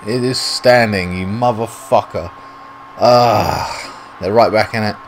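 A British man mutters and swears his way through live commentary on his own football video game. His voice sits a little low, and he talks to himself between moves. A steady noise hums clearly behind him. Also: takes it slowly. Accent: British English. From Britain. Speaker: gaming YouTuber.

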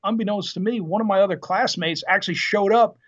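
A retired Marine officer in his fifties, guesting on a podcast, tells family stories in a lively, casual interview and acts out the dialogue. He has a high voice and talks fast, and the recording sounds dull and lo-fi.

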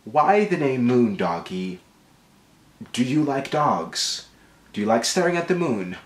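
A man's voice: medium pitch, unhurried, reverberant. A young man hosting a comedy vlog, reading viewer comments aloud in a sassy, exaggerated manner. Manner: animated, swings between voices, sassy and exaggerated.

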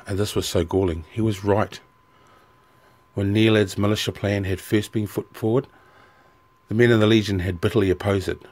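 Deep-voiced man narrating a fantasy audiobook.

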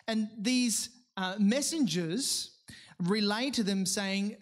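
A man preaching a sermon. He reads scripture and prays in a lower, measured voice, then talks to the congregation casually, with many fillers and self-corrections.

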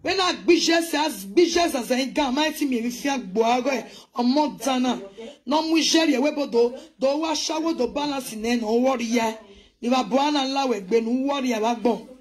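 High-voiced Nigerian woman ranting. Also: normal speed. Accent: Nigerian Pidgin English. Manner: animated, scolding, mixes English with local languages. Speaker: host. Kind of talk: live commentary on online drama.

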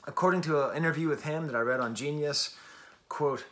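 A man's voice: on the high side, a little fast, fairly bright tone. A man hosting a casual music review, talking enthusiastically and chattily with self-deprecating asides.

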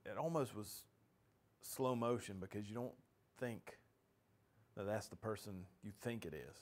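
Low-voiced man telling a vivid account. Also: unhurried. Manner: narrates in the present tense, vivid. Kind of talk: documentary interview recollection.

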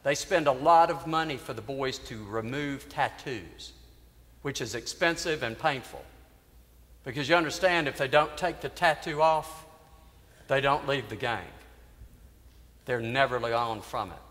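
A man priest preaching a sermon in a church, telling a story earnestly with dramatic pauses. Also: mid-range voice, a bit bright. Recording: reverberant church hall.

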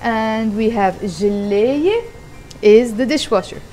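A woman's voice: on the high side, measured pace, dark tone, slight background noise. A woman giving a casual vlog language lesson from her home kitchen while doing the dishes, patiently repeating and explaining each word. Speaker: language teacher.

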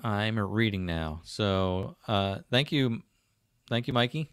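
A man's voice: lowish voice, unhurried, smooth, dry recording, studio quality. A man with a South Jersey accent hosting a casual livestream, rambling with many fillers and restarts as he answers viewer comments. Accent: South Jersey / Philadelphia. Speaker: livestream host.

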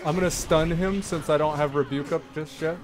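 A man's voice: a little high, fairly even intonation, fairly quick. A man giving casual, rambling commentary while playing a game, laughing often and talking to himself. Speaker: gameplay streamer.

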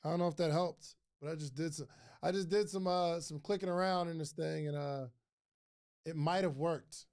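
A man hosting a casual livestream about podcasting, excitable and chatty, often repeating his phrases to the viewers. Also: fairly high pitch, moderate pace, clean tone. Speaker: podcast host giving advice.

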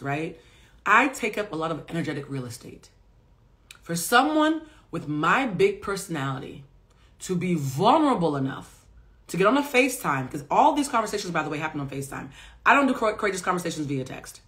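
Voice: mid-range voice, big pitch swings, normal speed, fairly bright tone. A life coach talking to viewers in a casual live stream, blunt and emphatic, with plenty of swearing. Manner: emphatic, blunt, profane, talks straight to viewers. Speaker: life coach and psychic reader.

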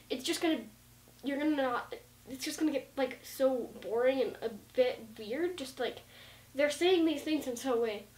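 A woman vlogs about writing, talking to camera in a casual, rambling way full of "like" and "um," and acting out lines of dialogue. Her voice is high and a bit bright at a moderate pace, with a little hiss or hum and roomy sound from a distant mic.

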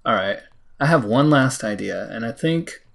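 An American man giving casual gameplay commentary, talking to the game, mocking himself and breaking into sudden high exclamations. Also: animated, normal speed, gravelly, fairly bright tone. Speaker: let's play host.

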